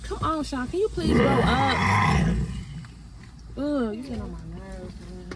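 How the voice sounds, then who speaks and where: A high-voiced young woman, exasperated and blunt, scolds and complains with swearing mixed in. Her pitch swings widely from low grumbles to sharp high protests. Loud street noise runs behind her outdoors. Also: big pitch swings, measured pace. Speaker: vlogger. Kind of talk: casual prank vlog chat.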